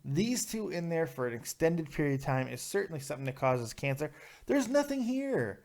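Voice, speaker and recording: A man with a fairly high voice hosts a live call-in review. He talks in a brash, profane, mocking way, firing back at chat comments in casual rants. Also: sing-song, moderate pace, vocal fry, a little mellow. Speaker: show host reviewing wrestling.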